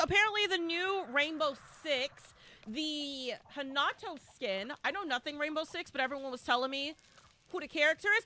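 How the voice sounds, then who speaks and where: A woman streaming a horror game live, giving excitable commentary full of loud exclamations and repeated cheers. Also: high voice, a little fast.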